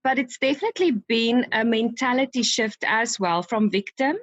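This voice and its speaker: A woman speaks as a podcast guest in a fairly high voice. She talks emotionally and warmly, with frequent restarts. Her voice is dry, and the sound is a little dull and muffled. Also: normal speed, no room sound. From South Africa. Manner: emotional, warm, with many restarts.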